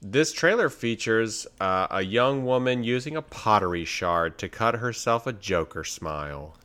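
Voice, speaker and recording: A man co-hosting a casual chat about trailers, blunt, sarcastic and quick to dismiss. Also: on the low side, lively intonation, bright, forceful tone, smooth. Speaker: podcast co-host.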